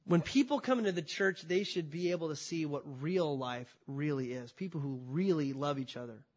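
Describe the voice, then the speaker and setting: A man's voice: fairly high pitch, normal speed, darkish tone, dull audio. A pastor preaching a conversational sermon, talking to his congregation with frequent restarts.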